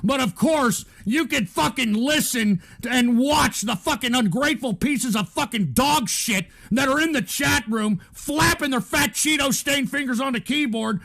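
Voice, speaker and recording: Furious, very high-pitched, gravelly man. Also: measured pace, few pauses, a bit bright. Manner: furious, stammering, spits strings of insults. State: angry. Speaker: live show commentator. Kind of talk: profane ranting at chat.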